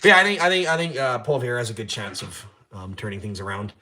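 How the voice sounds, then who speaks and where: A man's voice: mid-range voice, big pitch swings, fast, pushed and bright. A young Canadian man hosting a casual livestream from his garage, rambling and swearing as he reads chat. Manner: rambling, profane, trash-talking. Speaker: livestream host. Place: home garage.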